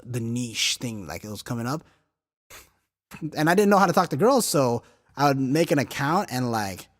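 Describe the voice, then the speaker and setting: Speaking at medium pitch in a large hall, this thirtysomething podcast host spins profane, rambling tales. His delivery is animated and heavy on filler words, and he laughs as he goes, keeping it a casual storytelling chat.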